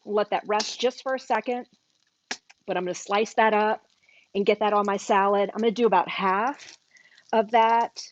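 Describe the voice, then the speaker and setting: A woman's voice: mid-range voice, a little hiss or hum. A middle-aged woman with a Southern US accent, hosting a live cooking demo in a chatty, enthusiastic way. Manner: chatty, enthusiastic, talks while eating. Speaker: cooking show host. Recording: dry, slightly dull livestream audio.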